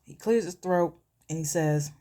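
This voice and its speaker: Woman vlogger, slightly low voice, chatty storytelling with asides during a makeup tutorial. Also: unhurried, dark tone. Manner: chatty, filler-heavy, asides to herself while working.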